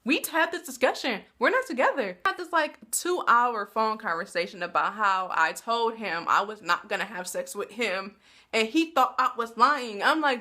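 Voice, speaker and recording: A woman in her twenties telling a story to the camera in a blunt, animated, slangy way. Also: a little high, normal speed. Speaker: vlogger. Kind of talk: casual storytelling.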